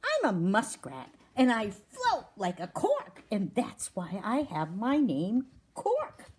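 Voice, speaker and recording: A woman voicing a gentle, squeamish young male muskrat in a children's storybook reading. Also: on the high side, huge pitch swings, slow pace, breathy edge, heavily acted. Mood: earnest. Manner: friendly, fussy about food.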